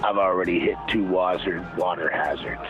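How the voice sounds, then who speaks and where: Deep, gruff talking golf ball, put on by a male caller, muffled voicemail. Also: normal speed, music in the background, lightly acted. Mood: gruff taunting.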